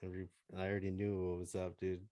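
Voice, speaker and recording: This podcast co-host has a deep, dark voice and speaks fast with a completely flat delivery. Telling friends a crude story, he swears, laughs, and acts out other people's lines, with no echo in the recording.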